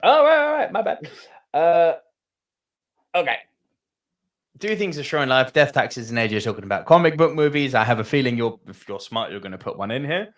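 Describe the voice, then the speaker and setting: A man's voice: mid-range voice, big pitch swings, normal speed. A man co-hosting a podcast in casual chat, rambling, often restarting his sentences and swearing casually. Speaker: podcast co-host.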